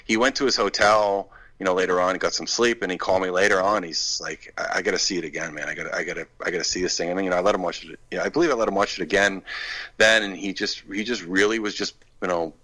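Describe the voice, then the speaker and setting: A man's voice: low voice, bright, forceful tone, poor audio. A man, a film director telling a story in a casual interview and acting out the quoted dialogue.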